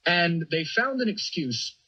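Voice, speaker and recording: Husky, animated man guesting on a podcast. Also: on the high side, unhurried, lo-fi sound. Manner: emphatic, animated storytelling with acted quotes. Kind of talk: casual chat.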